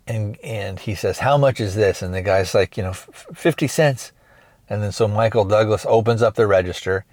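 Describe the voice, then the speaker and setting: A man with a fairly low voice talks through a film review on his podcast. He rambles casually, retelling each scene and dropping into quick quoted lines. The sound is dry and close, with no room around it. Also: no echo. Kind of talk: casual spoken film recap.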